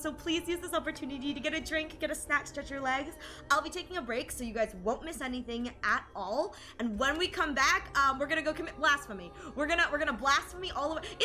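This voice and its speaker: A woman's voice: sits high, pushed and bright. A young adult woman streaming from home, chatting casually with her viewers, giggling often and restarting her sentences. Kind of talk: casual live-stream chat with chat readers.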